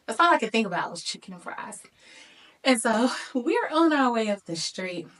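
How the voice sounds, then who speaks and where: A woman in her thirties telling a personal story to her viewers in a lively, chatty way, talking to them as y'all. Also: a little high, normal speed, recorded from a distance. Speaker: vlogger.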